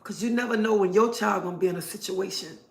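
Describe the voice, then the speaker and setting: Middle-aged woman, livestream host, earnest and preachy, repeats herself, gravelly voice in a roomy space. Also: mid-range voice, fast talker. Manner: earnest, preachy, repeats her points for emphasis. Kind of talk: casual livestream monologue. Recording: roomy echo.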